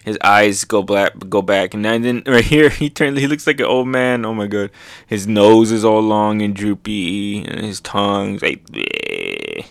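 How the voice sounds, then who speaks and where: Young man, excitable comic reactor, unhurried delivery, dry close mic, laughs and sound effects. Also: fairly low pitch, smooth, no room sound.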